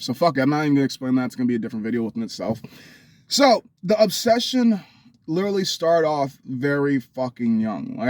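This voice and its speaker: A man's voice: medium pitch, no room sound. A man telling a candid personal story to his viewers, blunt and profane, rambling with restarts. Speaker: vlogger.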